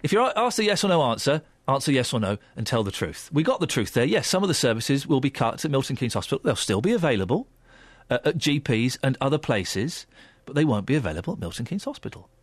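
A man hosting a breakfast radio show, teasing and sarcastic in casual banter. He talks fast, with a lively up-and-down pitch. The studio sound is dry and close. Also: husky, dry recording. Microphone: studio microphone.

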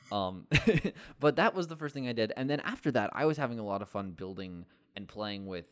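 A man's voice: on the low side, animated, normal speed, clean tone, no room sound, clean studio sound. A man co-hosting a casual gaming chat, rambling with fillers and restarts and laughing often. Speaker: podcast co-host.

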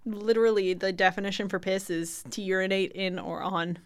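A woman's voice: medium pitch, steady tone, a little fast. A young woman co-hosting a casual podcast, reading word definitions aloud with fillers, stumbles and frequent laughs. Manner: giggly, loose, reads out definitions with stumbles and fillers. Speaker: podcast co-host.

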